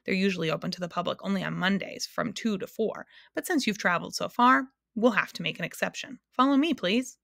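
A woman voicing the Soundkeeper, a lonely, chatty woman who keeps all sounds and speaks gently and gushingly. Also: medium pitch, brisk, vocal fry, few pauses, dry recording, studio quality.

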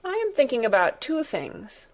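A woman's voice: fairly high pitch, wildly swooping pitch, moderate pace, pitched above the performer's own voice. A woman voicing a young girl who speaks in a direct, matter-of-fact way. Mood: earnest. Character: plain-spoken young girl, blunt and curious.

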